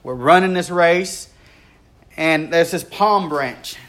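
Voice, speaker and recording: A man preaching a sermon, telling a story earnestly and swinging between rising intensity and hushed, quiet stretches. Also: slow pace. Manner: earnest, builds in intensity and then drops low and quiet.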